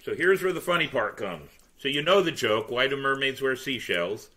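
A man's voice: mid-range voice, moderate pace. A man on a pirate-themed podcast, telling stories in casual chat and acting out the quotes. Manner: animated storyteller, acts out quotes. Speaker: pirate museum tour guide and entertainer.

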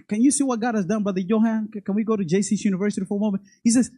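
A preacher delivering a sermon to the congregation, animated, with frequent stumbling repeats of words and quick laughs. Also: mid-range voice, husky, no room sound. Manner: speaks directly to the congregation, acting out God's voice.

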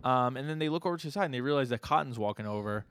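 A man's voice: medium pitch, very fast, fairly bright tone, smooth, no echo, studio quality. A man co-hosting a podcast, casually recapping manga chapters and acting out character lines with laughs. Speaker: podcast co-host.

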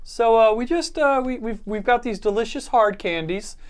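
A man co-hosting a casual podcast chat, playful and animated. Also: extremely high pitch, normal speed, clean tone. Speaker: podcast co-host.

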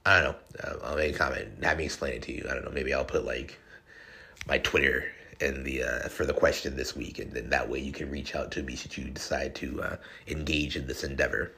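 A man's voice: extremely low pitch, fairly quick, creaky. A man hosting a podcast as a horror writer, talking in a rambling, profane, offhand way. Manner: profane, rambling, animated asides. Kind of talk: casual podcast monologue.

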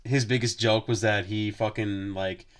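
A man's voice: fairly low pitch, fairly even intonation, unhurried. Profane, rambling man telling a story. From Wisconsin. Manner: profane, rambling, lots of filler words. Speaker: podcast host. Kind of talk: casual storytelling chat.

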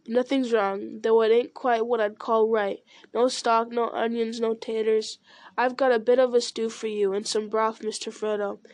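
A woman's voice: a little high, flat delivery, normal speed, a little mellow, no echo, close to an everyday voice. A woman voicing a stubborn, plain-spoken male servant with folksy, rustic speech. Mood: homely.

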